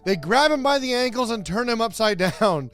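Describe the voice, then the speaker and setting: High-voiced sarcastic wrestling recap man. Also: lively intonation, moderate pace, a bit bright. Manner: sarcastic, joking, laughs while narrating. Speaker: wrestling video host. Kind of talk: comedic recap narration.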